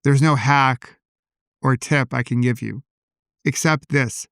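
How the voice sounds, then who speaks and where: Man, podcast host, reflective solo talk, calm and personal, dry close mic. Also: mid-range voice, slow pace, gravelly, clear, resonant tone, no room sound. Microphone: podcast microphone.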